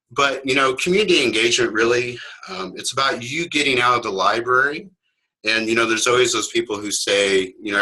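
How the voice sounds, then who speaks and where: A man's voice: on the low side, bright, forceful tone, husky, poor audio. A middle-aged man from Kansas, a librarian giving a casual webinar talk, rambling and self-deprecating with many fillers.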